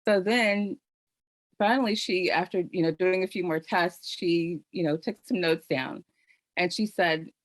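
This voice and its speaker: A middle-aged woman with a lowish voice shares a personal story on an online panel. Her delivery is earnest and heartfelt, with plenty of conversational fillers. The sound is dry and close, as if from a video call microphone. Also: a little slow, no echo. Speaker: panel host sharing her own story. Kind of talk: personal testimony on a virtual panel.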